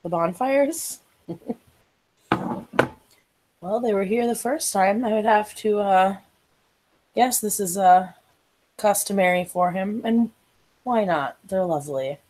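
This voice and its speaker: A woman voicing a gracious Irish hostess at a night court, speaking in a measured way with a heavy Irish accent. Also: medium pitch, darkish tone, low-quality recording. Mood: amused.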